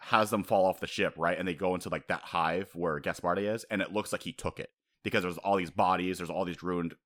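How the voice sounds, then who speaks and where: A man co-hosting a casual chat, talking in an animated way, laughing often and acting out quotes. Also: sits low, a little fast.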